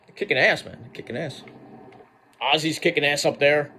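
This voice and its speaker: A man's voice: fairly high pitch, moderate pace, a little hiss or hum. A man hosting a wrestling review, ranting casually with lots of swearing and mockery. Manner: animated, swearing, mocking. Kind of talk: casual profane rant.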